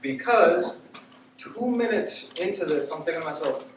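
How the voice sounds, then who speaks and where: A man telling a story live on stage, animated and often laughing as he speaks. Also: on the high side, moderate pace. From United States. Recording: very echoey room, distant mic, faint noise.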